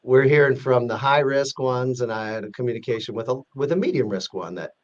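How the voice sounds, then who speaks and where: Earnest man on dull lo-fi audio. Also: mid-range voice. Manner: earnest, measured, explaining step by step with frequent restarts. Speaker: guest, president of an advocacy group. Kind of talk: podcast interview.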